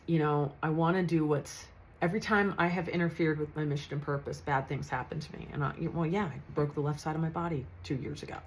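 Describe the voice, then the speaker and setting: In a casual storytelling monologue, a woman in her fifties who works as a psychic medium speaks chattily and earnestly, often starting over. Her voice sits low with a slightly mellow tone, captured on a low-quality recording.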